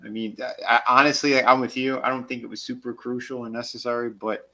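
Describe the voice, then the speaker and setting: A man's voice: medium pitch, fast. Easygoing man in a movie chat. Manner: relaxed, agreeable, restarts often. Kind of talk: casual movie review chat.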